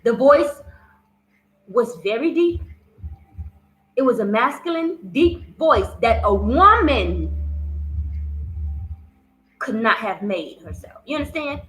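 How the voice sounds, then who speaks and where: A woman's voice: on the high side, sing-song, slow pace, pauses often, fairly bright tone, low-quality recording. A woman telling a personal story in a casual vlog, swearing freely and often repeating herself. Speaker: vlogger.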